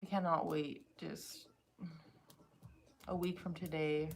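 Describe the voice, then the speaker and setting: A woman co-hosting a casual chat, animated and swearing as she retells stories. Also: low-pitched, slow. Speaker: co-host.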